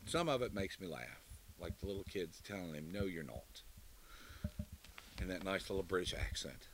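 A man preaching a sermon and closing in prayer, emphatic, building to loud declarations and dropping low again. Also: animated, brisk, background noise.

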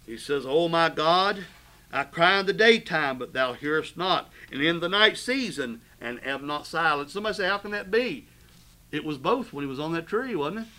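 A man preaching a sermon, fervent, swelling loud and dropping low as he drives his points home. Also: poor audio. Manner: fervent preaching with sudden swells and drops in volume. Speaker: pastor.

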